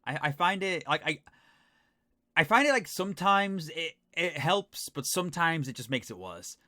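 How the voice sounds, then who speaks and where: Northern English male host, casual rambling reaction commentary, self-mocking, crisp dry mic. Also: fairly high pitch, animated, normal speed, bright, forceful tone, dry recording. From Northern England. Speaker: YouTuber reacting to his old video.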